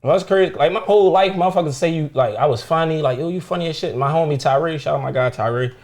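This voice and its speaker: A young comedian swaps stories over a meal. His voice sits a bit high for a man, and he talks loosely and profanely. He jumps into other people's voices as he tells each story. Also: fast talker, a little mellow. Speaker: comedian guest. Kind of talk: casual storytelling chat.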